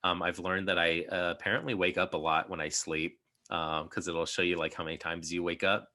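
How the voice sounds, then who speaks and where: Brief: young male podcast host, low voice with a bright edge, rambling casual chat. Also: level tone, a little fast. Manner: rambling, many fillers and restarts.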